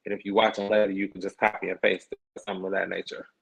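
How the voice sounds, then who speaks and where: A man's voice: low voice, flat delivery, rapid-fire, gravelly, fairly bright tone, slightly rough. A man hosting a podcast livestream, chatting casually in a sassy, slangy way. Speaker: podcast host. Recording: dull lo-fi stream audio.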